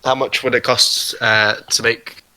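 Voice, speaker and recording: A man's voice: medium pitch, level tone, a little slow, sharp tone, rough recording. A man playing at a tabletop game, speaking plainly and matter-of-fact. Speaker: player. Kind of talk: casual chat at a gaming table.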